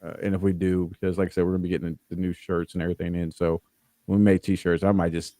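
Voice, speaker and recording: A man's voice: low voice, little pitch movement, fast talker, mellow, no room sound. A man hosting a podcast, wrapping up in a loose, rambling, joking way with lots of ums. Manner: rambling, jokey, many fillers. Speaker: podcast host. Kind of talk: casual podcast wrap-up.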